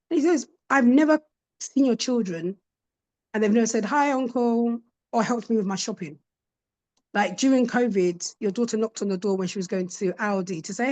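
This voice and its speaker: A woman's voice: fairly high pitch, a little mellow. A woman, a podcast guest telling stories in a casual chat and acting out the voices of the people she quotes. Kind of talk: casual storytelling interview.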